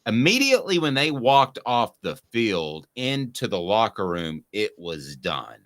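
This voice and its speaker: Low-voiced sports radio host guy, lively up-and-down delivery, bright tone, opinionated. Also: unhurried. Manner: opinionated, reads listener comments aloud. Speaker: sports talk show host. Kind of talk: casual sports talk.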